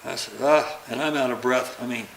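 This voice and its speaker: A man's voice: medium pitch, fast talker. An older man, an interview guest, telling anecdotes in casual chat and acting out the dialogue he quotes. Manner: lively storyteller who acts out quoted dialogue. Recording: roomy echo with faint background noise.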